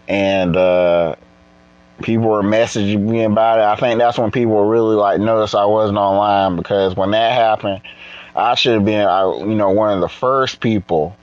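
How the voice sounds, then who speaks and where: A tired man hosting a casual solo podcast, rambling and halting with many restarts. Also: lowish voice, no room sound, muffled recording. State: tired, yawning. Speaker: podcast host.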